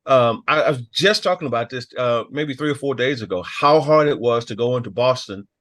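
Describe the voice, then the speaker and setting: A man's voice: medium pitch, brisk, fairly bright tone. A man gives an interview answer with emphatic, admiring delivery. He stresses key words as he talks.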